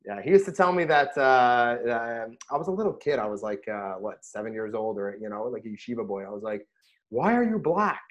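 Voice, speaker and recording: A middle-aged man, a rabbi, chatting casually about scripture and telling stories with lively bursts when he quotes himself. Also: fairly low pitch, brisk, few pauses, dull audio. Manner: animated storyteller, rises sharply when quoting himself. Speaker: rabbi and podcast host. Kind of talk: casual Torah discussion and storytelling.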